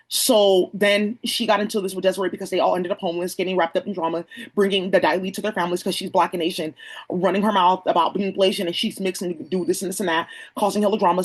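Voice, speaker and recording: A speaker from the San Francisco Bay Area delivers a rapid-fire monologue straight to the camera. The voice is husky and a little rough, and the delivery runs at a hurried clip. It sounds like an accusatory rant, loose and rambling, peppered with slang and curses. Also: medium pitch, rough recording.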